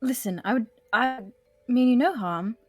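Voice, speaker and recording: A woman's voice: a little high, normal speed, dry recording. A young woman playing a polite, formal character in a tabletop game, giggling often between lines. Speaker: player. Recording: faint music behind.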